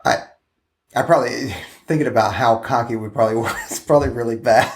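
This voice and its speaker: A man's voice: medium pitch, brisk. A man in his forties in a casual podcast chat, looking back on his past in a reflective, self-deprecating way. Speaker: podcast co-host. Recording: steady background noise.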